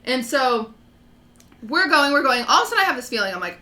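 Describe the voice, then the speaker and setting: Woman streamer, casual animated storyteller, bright tone, echoey room. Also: sits high, fast talker. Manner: animated, acts out quotes.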